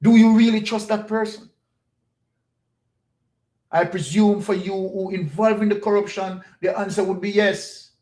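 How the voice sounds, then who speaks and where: A man's voice: sits high, steady tone, a little slow, long pauses, warm tone, roomy sound. A Jamaican man giving an opinionated political monologue as a commentator, pressing his points with rhetorical questions and repetition.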